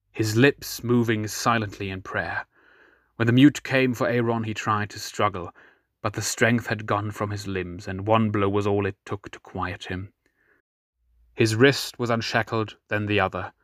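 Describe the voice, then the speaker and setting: Lowish-voiced man narrating an audiobook. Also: fairly even intonation, measured pace, fairly bright tone, no echo, studio quality.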